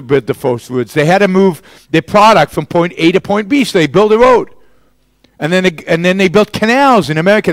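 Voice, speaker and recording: A man's voice: sits high, no echo. A man giving a public lecture and answering questions, arguing emphatically with rhetorical questions. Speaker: guest lecturer.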